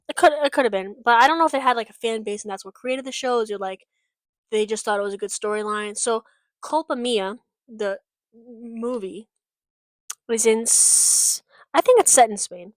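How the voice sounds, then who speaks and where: A woman's voice: on the high side, moderate pace, pauses often, no room sound. Frank, rambling young woman vlogger. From United States. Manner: rambling, frank, swears often, many fillers. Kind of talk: casual chat.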